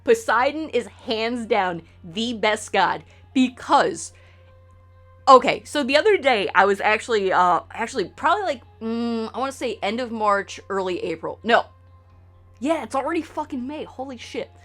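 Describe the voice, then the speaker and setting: A woman's voice: fairly high pitch, lively intonation, moderate pace, a bit bright. A woman streamer rambling to her chat at home, swearing freely and jumping between topics. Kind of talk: casual chat with stream viewers. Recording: faint game music behind.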